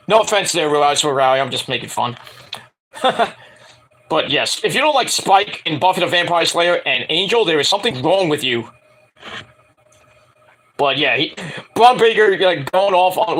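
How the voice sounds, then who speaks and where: Man in his forties, casual reviewer, lively pitch, bright voice, digressive jokes. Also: moderate pace. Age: 40s. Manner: rambling, joking, digressive. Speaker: wrestling show reviewer. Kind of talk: casual solo review vlog.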